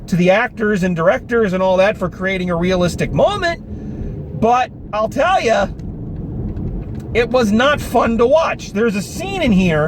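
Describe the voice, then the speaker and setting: A man giving a casual, animated review of a film, talking with exasperation and some swearing, recorded in a car. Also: high-pitched. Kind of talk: casual spoken movie review. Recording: noisy car interior.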